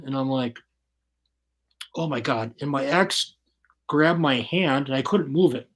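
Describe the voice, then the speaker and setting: A man as an interview guest, telling his story bluntly and profanely in casual, animated talk. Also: medium pitch, measured pace, long pauses.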